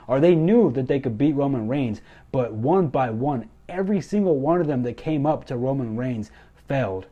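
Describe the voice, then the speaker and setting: A young man excitedly recapping a wrestling show, gushing and repeating himself as he goes. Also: mid-range voice, lo-fi sound. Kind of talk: enthusiastic recap commentary.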